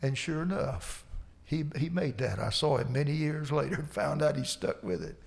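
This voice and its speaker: A man's voice: a little high, moderate pace, creaky. A male preacher giving a folksy sermon, repeating lines for emphasis.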